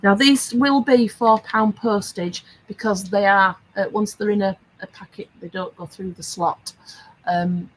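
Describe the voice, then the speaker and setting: Her pitch sits in the middle and her intonation stays fairly even as she speaks a little slowly. She's an older woman hosting a laid-back live stream to sell craft supplies, chatty and often laughing as she reads viewer comments. The recording is rough, with slight background noise.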